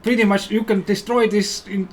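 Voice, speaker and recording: Estonian man, high voice, rambling. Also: fairly even intonation, normal speed, slight background noise. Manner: rambling and enthusiastic, many fillers. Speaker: game developer and guest player. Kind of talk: casual livestream chat while playing.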